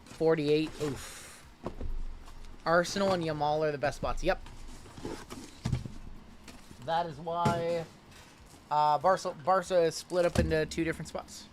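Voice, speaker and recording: A man's voice: a little high, fairly even intonation, a little slow, long pauses, background noise. A man hosting a live card break stream, rattling off names and teams in a loose, chatty way with plenty of fillers.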